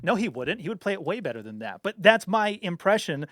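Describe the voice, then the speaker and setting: A man, a bass player and teacher, chatting casually on a podcast and explaining with examples and frequent asides to the listener. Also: very animated, fairly quick, over loud music. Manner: explains with examples, many "you know what I mean" asides.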